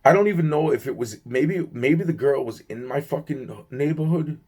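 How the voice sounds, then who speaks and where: A man's voice: a little high, moderate pace, darkish tone, slightly rough. A young man telling a personal story in an agitated, rambling way, swearing often and restarting his sentences. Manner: agitated, profane, many restarts and fillers.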